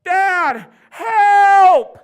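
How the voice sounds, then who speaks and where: A man voicing his young daughter, yelling for help in shrill, urgent calls as he tells the story. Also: fairly even intonation, very slow, exaggerated voice. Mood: panicked.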